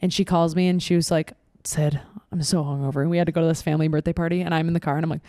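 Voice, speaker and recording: A woman's voice: fairly low pitch, little pitch movement, very fast, mellow, no room sound, studio quality. A woman in her twenties co-hosting a podcast, telling candid stories in a rambling, filler-heavy way. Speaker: podcast co-host. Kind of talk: casual chat.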